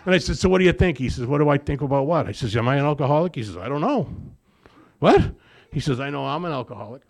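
A man's voice: on the high side, animated, fast, creaky. A man giving a personal testimony to a recovery group, telling his story with humor and acting out the dialogue. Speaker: recovery meeting speaker.

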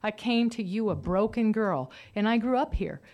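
A woman's voice: mid-range voice, animated, normal speed, darkish tone. A woman telling her own recovery story to a group, candidly, acting out the voices of the people in it. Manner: candid storytelling, acts out quoted relatives. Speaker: recovery speaker. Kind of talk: personal testimony talk.

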